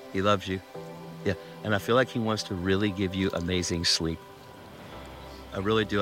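A man evangelizing outdoors, talking with people and praying over them in quick, commanding bursts. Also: deep voice, fairly bright tone. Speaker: street evangelist. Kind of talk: street prayer and conversation. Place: outdoors on dirt ground. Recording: clip with music underneath.

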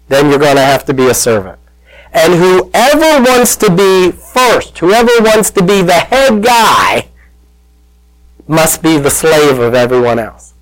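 A man's voice: a little high, lively intonation, measured pace, poor audio. A man preaching a sermon as pastor, retelling a story and acting out the voices in it. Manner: storytelling, acts out quoted voices, calls out to listeners.

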